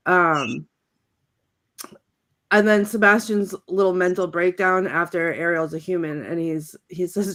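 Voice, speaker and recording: A woman's voice: fairly low pitch, fairly even intonation, unhurried, a bit bright. Chatty giggly woman co-host. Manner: chatty and giggly, many fillers. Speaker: podcast co-host. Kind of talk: casual chat, reading favorite movie quotes.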